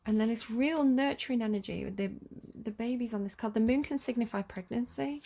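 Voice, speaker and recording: A woman's voice: on the high side, fairly quick, mellow, slight background noise. A woman giving a casual tarot reading, talking in a chatty, rambling way with lots of "like" and "you know.". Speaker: tarot reader.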